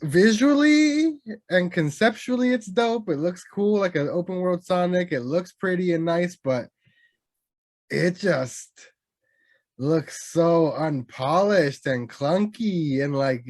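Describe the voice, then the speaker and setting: A young man co-hosting a gaming podcast, excitable, slangy and casual with swearing. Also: high voice, slow, no echo. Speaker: podcast co-host. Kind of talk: casual chat.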